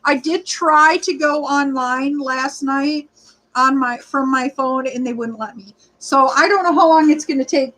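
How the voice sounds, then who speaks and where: A woman's voice: sits high, measured pace, fairly bright tone, rough recording. A woman in her early forties chatting on a livestream, rambling and greeting viewers by name, sometimes short of breath. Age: 40s. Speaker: livestreaming rideshare vlogger. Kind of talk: casual livestream chat reading comments.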